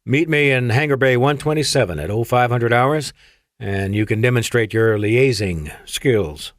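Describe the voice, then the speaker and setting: A man's voice: mid-range voice, normal speed, no room sound, studio quality, lightly acted. A man voicing a brusque young colonel. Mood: commanding.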